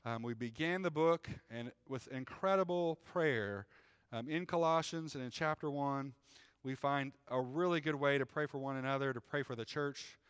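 A man's voice: mid-range voice, clean tone, no room sound. A man preaching a sermon as the pastor, conversational and plain-spoken, often checking in with "right?". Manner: reads scripture aloud in a raised, slower voice.

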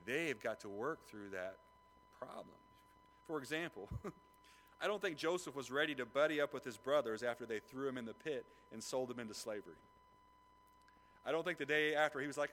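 A man's voice: medium pitch, animated, normal speed, long pauses, fairly bright tone. Conversational male pastor preaching. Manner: conversational, prods the congregation with questions. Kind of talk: sermon.

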